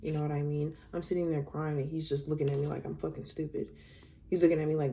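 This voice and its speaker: A woman's voice: low voice, flat delivery, a little fast, warm tone. A young woman casually telling a storytime to her viewers, reading out text messages, candid and blunt, swearing freely.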